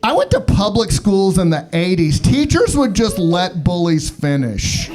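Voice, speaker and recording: A man doing a stand-up set on a club stage, deadpan with wry asides. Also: sits high, a little slow. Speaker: stand-up comedian. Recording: live comedy club, loud crowd laughter.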